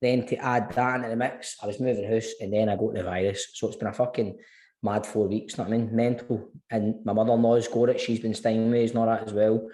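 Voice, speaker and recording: A man's voice: lowish voice, flat delivery, brisk, warm tone, echoey room. A Scottish man in his thirties co-hosting a podcast, chatting casually with blunt, sweary banter. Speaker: podcast co-host. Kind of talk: casual chat.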